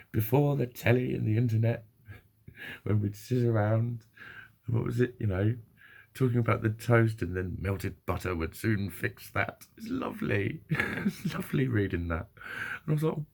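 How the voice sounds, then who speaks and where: Speaking straight to camera, a male vlogger delivers a casual monologue that's rambling, sweary, and self-deprecating. His low, gravelly voice has a husky, rough grain and a slightly mellow edge.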